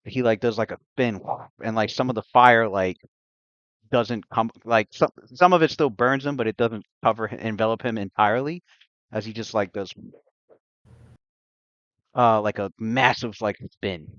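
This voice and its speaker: Low-voiced man rambling as game master. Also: normal speed, fairly bright tone, no echo. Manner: rambling narration with many "like" fillers. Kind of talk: narrating a tabletop game. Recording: dull lo-fi dry stream audio.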